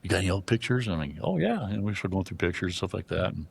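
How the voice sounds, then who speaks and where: A man's voice: deep voice, racing, vocal fry, slightly rough. A man from Arizona, a bowhunter and guest on a show, telling casual stories that he acts out, with many restarts. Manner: animated anecdotes, acts out other people's lines, frequent restarts. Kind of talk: casual storytelling.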